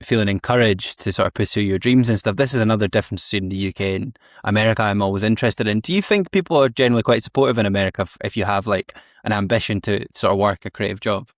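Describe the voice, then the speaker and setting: A Scottish man hosting a podcast, talking quickly in a slightly low voice. His delivery is chatty and full of fillers, and the sound is dry and close. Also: dry recording. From East Coast of Scotland. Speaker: podcast host. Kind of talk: casual podcast interview.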